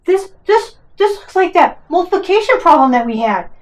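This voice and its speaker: High-voiced enthusiastic woman teacher. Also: very animated, normal speed, recorded from a distance. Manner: encouraging, enthusiastic. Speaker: teacher and host. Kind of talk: children's educational show.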